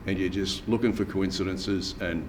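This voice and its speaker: A middle-aged man tells a personal testimony with dry humour and slips into the voices of the people he quotes. His voice sits fairly low. He is a little off-mic, with a faint hum of room noise behind him. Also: fairly even intonation, moderate pace, distant mic. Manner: laconic, wry, acts out the people he quotes. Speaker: church member giving testimony. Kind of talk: storytelling testimony. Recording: room ambience, voice a bit off-mic.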